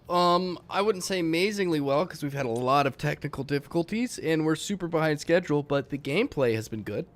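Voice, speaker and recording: A man's voice: a little high, expressive, a little fast, few pauses. A man hosting a game tournament on a live stream. He talks casually to his chat, rambling with fillers and restarts.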